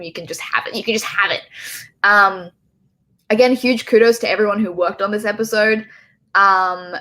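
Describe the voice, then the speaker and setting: A woman's voice: mid-range voice, fairly bright tone. Emotional woman, rambling livestream chat. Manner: emotional, swearing, rambling with laughs. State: choked up. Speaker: filmmaker hosting a livestream.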